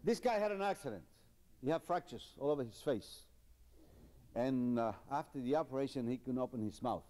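A man telling jokes to an audience, building each story through repetition. His voice is mellow and warm. Its pitch swings widely as he sets up the punchline. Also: a little fast, slight background noise. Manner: animated, repetitive storytelling with chuckles. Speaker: stand-up comedian. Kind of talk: joke telling.

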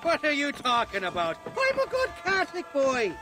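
Drunk Irish swindler, high and bouncy, over game music. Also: male voice, normal speed, exaggerated voice. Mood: indignant. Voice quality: boozy, wheedling, excitable. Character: drunken scheming Irish male outlaw. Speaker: game character. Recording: game audio with music behind.

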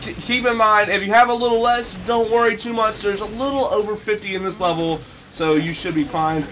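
A man's voice: high-pitched, fairly even intonation, fairly quick, few pauses, a bit bright. A young man commenting on a video game he is playing, rambling and sarcastic, with sudden mock-dramatic outbursts. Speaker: let's play commentator. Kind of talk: gameplay commentary.

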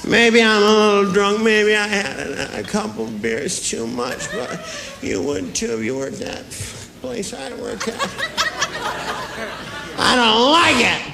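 A stand-up comedian in his act, playing a sloppy drunk man who holds a grudge and slurs, mumbles and bursts out loud. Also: sits high, big pitch swings, slow pace, gravelly, full character voice. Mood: grudging. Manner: slurring, mumbling, sudden loud outbursts. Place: comedy stage before a live audience. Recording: noisy live club with audience laughter. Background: crowd laughter.

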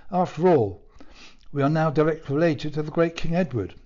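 A man plays a pompous lord from a storybook, raised a notch above his own voice, all bluster and stiff upper lip. His tone is mellow and dark, and the recording sounds dull and lo-fi. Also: on the high side, moderate pace, close to an everyday voice. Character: pompous upper-class English lord turned chip.

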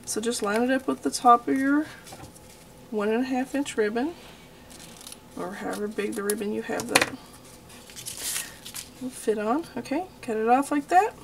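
A woman's voice: on the high side, moderate pace, creaky, pauses often, noisy background. A young adult woman with a Texan accent giving a homey, chatty crafting tutorial, full of y'all and okay. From Texas.

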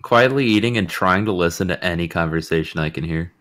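Very deep-voiced male player. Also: a little fast, a bit bright. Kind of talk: casual chat at a game table.

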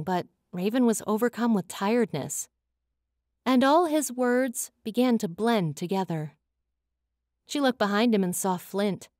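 A woman reads a fantasy audiobook with an expressive, dramatic lilt. Her voice sits at an ordinary middle pitch. The sound is dead dry and close to the mic. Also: dry recording. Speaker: audiobook narrator. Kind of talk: scripted audiobook narration.

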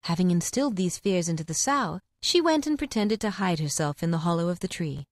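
A woman narrating an audiobook of fables with clear, expressive storytelling. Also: lowish voice, brisk, dry recording, studio quality.

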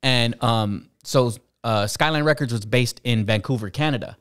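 A man talks in a relaxed, casual way, explaining step by step how an early music deal came together. His voice sits at an ordinary, middle pitch. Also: normal speed, clean tone. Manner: laid-back, explains step by step. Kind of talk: casual chat.

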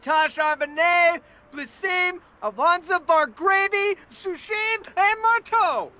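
A chirpy gibberish-talking game character. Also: female voice, very high voice, slow, pushed and bright, heavily acted. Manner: speaks playful invented gibberish, often laughing. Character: cheerful game character giving a gibberish speech.

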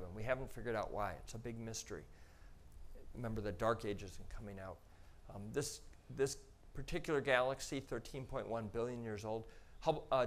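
A man giving a public talk about space images, walking the audience through slides in a relaxed, conversational way with frequent pauses and filler words. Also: mid-range voice. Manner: conversational, explaining step by step with frequent "um" and "you know".

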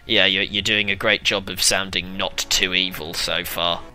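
A man's voice: low-pitched, flat delivery, moderate pace, pushed and bright, soft background music. A young man commentating on a video game he plays, sarcastic and swearing, humming tunes along the way. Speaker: let's play commentator. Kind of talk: casual gameplay commentary.

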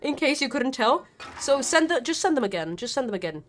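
A woman's voice: high-pitched, very animated, a little fast. A woman streamer giving live gameplay commentary, nervous and chatty, swearing a lot and talking back at the characters on screen. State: nervous and scared.

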